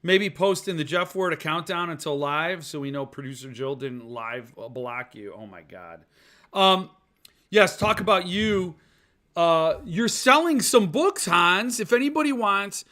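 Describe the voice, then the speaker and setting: A man's voice: high voice, lively intonation, unhurried, bright, forceful tone. A man hosting a casual live stream, rambling as he reads viewers' chat aloud and answers it with self-deprecating jokes. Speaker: podcast host.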